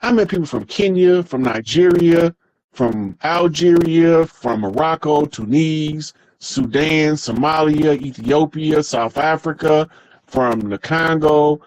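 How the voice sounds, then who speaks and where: Speaking slowly in a darkish tone, this podcast host has a voice on the high side. He rambles through a profane, casual monologue, telling street stories and leaning hard on his emphasis.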